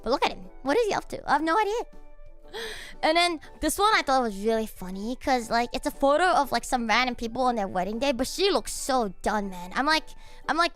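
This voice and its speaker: Young woman streamer, high animated voice, excitable casual chat, faint music behind. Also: a little fast. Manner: excitable, bursts into laughter, swears casually.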